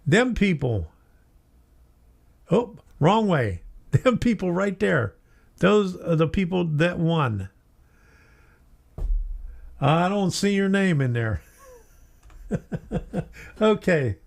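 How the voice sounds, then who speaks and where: A man's voice: high-pitched, very animated, extremely slow, creaky, pauses often. A middle-aged man hosting a casual hobby live stream, chatty, laughing often and reading viewer comments aloud. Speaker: host of a model train live stream.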